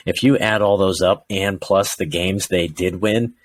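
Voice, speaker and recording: A man with a fairly low voice talks football with a co-host in a relaxed podcast chat. He gets animated and slips into mock voices of frustrated fans. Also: unhurried, slight background noise. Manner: animated, acts out fans' rants in quoted voices. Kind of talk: casual sports chat.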